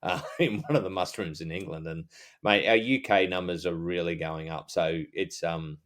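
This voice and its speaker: This is a middle-aged Australian man with a very low, deep voice, chatting casually as a podcast co-host. He rambles, stops and restarts, and leans on plenty of fillers. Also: moderate pace, a bit bright.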